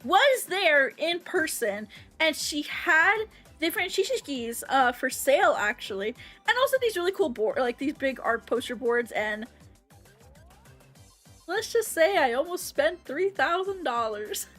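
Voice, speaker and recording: A woman streamer chatting casually to her livestream audience, animated and excitable, swearing freely and laughing often. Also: high voice, a little slow, faint music behind. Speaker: VTuber streamer.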